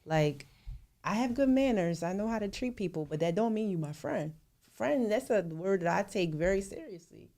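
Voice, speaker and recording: A woman's voice: mid-range voice, expressive, moderate pace, warm tone. A woman in her forties co-hosting a candid podcast conversation, asking probing questions and pushing back plainly. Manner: direct, probing questioner who pushes back. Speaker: podcast co-host.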